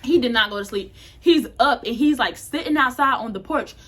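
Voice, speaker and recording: Talking fairly fast with a high, fairly bright voice and lively intonation, a young vlogger spins a chatty, candid story peppered with profanity. She comes across as loose and slightly tipsy throughout the casual chat.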